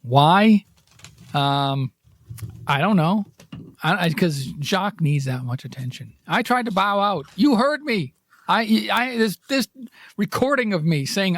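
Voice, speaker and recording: Male podcast host, raspy, a touch high, dry close sound with faint music under him, loose self-mocking ramble. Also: expressive, a little slow, fairly bright tone, no room sound. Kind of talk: casual rambling chat.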